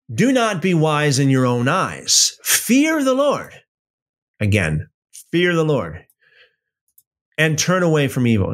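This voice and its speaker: A man leading an evening Bible study, reading scripture aloud and adding conversational comments with frequent restarts. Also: mid-range voice. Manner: slow, deliberate reading with conversational asides and restarts.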